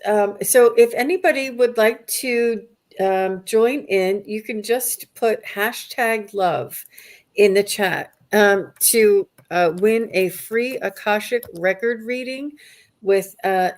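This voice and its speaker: A woman hosting a spiritual livestream, soft-spoken and gushing as she thanks her viewers. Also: medium pitch. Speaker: livestream host. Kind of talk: live stream chat.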